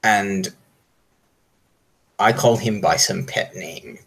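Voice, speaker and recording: Slow, husky-voiced tabletop player. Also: male voice, low voice, fairly bright tone, low-quality recording. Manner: slow, thoughtful, hesitant. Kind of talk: describing his character's actions in a tabletop game. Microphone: online video call.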